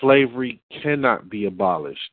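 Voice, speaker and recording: A man preaching in an emphatic lecturing style, repeating lines slowly for stress. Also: mid-range voice, lively intonation, no echo. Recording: tinny phone-like audio.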